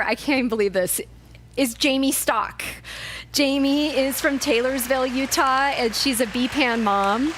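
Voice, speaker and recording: A woman's voice: high voice, measured pace, a bit bright, a little hiss or hum. A woman hosting a charity awards ceremony, speaking in a heartfelt, emotional way. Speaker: charity event host.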